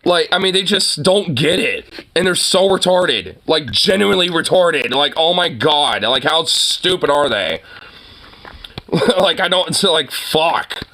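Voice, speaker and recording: A man's voice: a little high, animated, a little slow, sharp tone. A man delivering a profane political rant, rambling through many filler words and breaking into mocking laughter. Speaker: online commentator.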